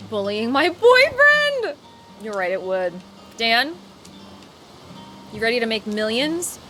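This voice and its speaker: Young female streamer, playful and loud, high bright voice, animated, soft music bed. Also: slow pace, pauses often. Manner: loud, playful and bubbly, yelling then dropping to soft asides. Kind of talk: casual live-stream chat with viewers.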